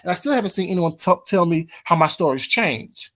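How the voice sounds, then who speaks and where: Lively intonation, a brisk pace, and a high, fairly bright voice mark this livestream host. He speaks casually but heatedly straight to his chat, repeating phrases again and again.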